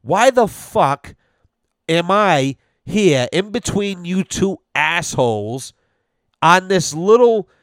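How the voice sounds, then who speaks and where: Guy doing a cranky cussing baby on a plane, kinda high, dragging the words out slow. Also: big pitch swings, no room sound, studio quality, exaggerated voice. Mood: indignant. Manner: slow, crude, whiny complaining. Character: indignant infant stuck on a plane.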